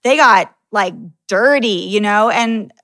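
A woman's voice: mid-range voice, takes it slowly, a bit bright, no echo. A woman hosting a podcast, chatting candidly with a guest, laughing often and swearing freely. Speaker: podcast host. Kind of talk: casual interview chat.

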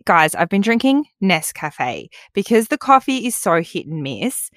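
A woman's voice: medium pitch, sing-song, unhurried, fairly bright tone, no echo, clean studio sound. A young woman, co-hosting a podcast in easygoing chat and laughing often. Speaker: podcast co-host. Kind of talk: casual chat. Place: abroad, recording remotely.

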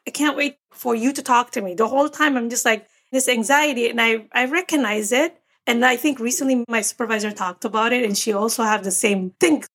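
A woman's voice: fairly high pitch, fairly quick, hardly any pauses, fairly bright tone. A woman therapist co-hosting a casual podcast chat, earnest and reflective as she talks through her anxieties. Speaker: podcast co-host.

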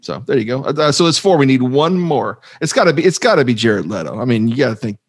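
A man's voice: medium pitch, very animated, fast, slightly rough, no echo, clean studio sound. A man co-hosting a casual movie podcast, chatty and easygoing, often breaking into laughter. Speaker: podcast co-host.

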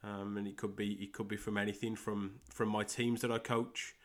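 On his solo soccer podcast, a young West Midlands-accented man from England, who hosts and coaches soccer, talks haltingly with many fillers and repeated words. His voice is on the low side with a level tone.

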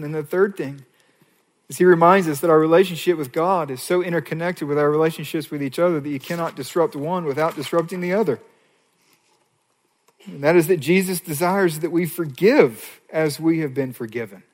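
A male pastor delivering a sermon, moving between hushed pleading and raised, emphatic preaching. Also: fairly high pitch. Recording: long hall reverb.

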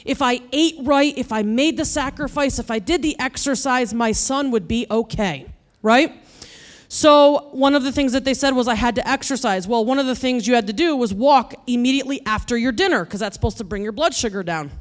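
A woman preaching with a funny personal story, animated and building to loud exasperated rants. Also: a little high, fairly quick. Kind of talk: humorous sermon storytelling.

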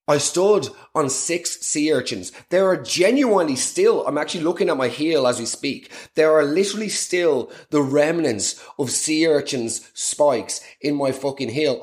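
A man's voice: medium pitch, echoey room. A young man hosting a podcast, telling a comic story in a sarcastic, profane way. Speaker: podcast host.

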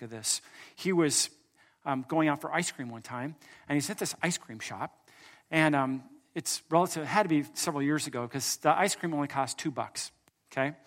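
A man preaching a sermon as pastor, telling a story, swinging from loud emphatic lines to soft hushed ones and joking with his congregation. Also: on the high side. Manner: jokes with the congregation.

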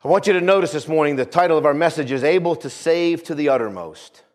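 A man's voice: fairly high pitch, quick pace. A male pastor preaching a sermon, repeating phrases for emphasis and calling out for amens.

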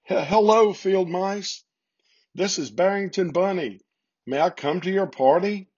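A man voicing a lonely little male bunny in a storybook, husky and pleading, recorded in slightly muffled lo-fi sound. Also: animated, moderate pace, a little mellow. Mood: tearful. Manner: tearful, pleading, higher than his narration.

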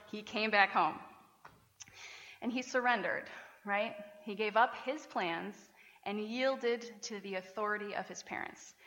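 Laughing woman pastor in a reverberant hall. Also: medium pitch. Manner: lively, laughs often, acts out quotes. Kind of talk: sermon. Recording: dull sound with long hall reverb.

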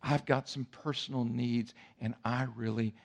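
A man voicing an eager, flattering female churchgoer who speaks softly and slowly, sinking to a breathy whisper. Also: mid-range voice, heavily acted. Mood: hushed pleading.

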